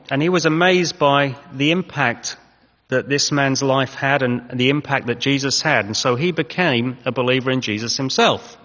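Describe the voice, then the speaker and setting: A man's voice: mid-range voice, fairly bright tone. A man from England sharing a personal testimony with a congregation in a conversational, self-deprecating way. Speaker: guest speaker sharing testimony. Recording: dull audio in a reverberant hall.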